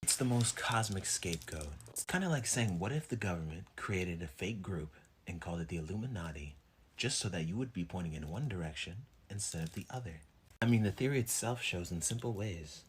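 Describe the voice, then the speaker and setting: Deep-voiced guy musing on the mind, talks right at you, faint hiss. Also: lively intonation, brisk. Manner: reflective, posing questions to the viewer. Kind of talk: philosophical talk to camera.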